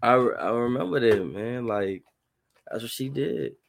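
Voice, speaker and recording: A man hosting a casual podcast chat, telling animated stories and slipping into exaggerated voices. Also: medium pitch, a little slow, gravelly. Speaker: podcast host.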